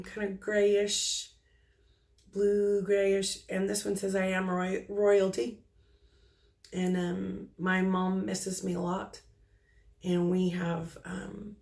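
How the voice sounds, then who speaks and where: A middle-aged woman working as a psychic medium, relaying spirit messages in a halting, soft-spoken way with many pauses and restarts. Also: mid-range voice, level tone, gravelly.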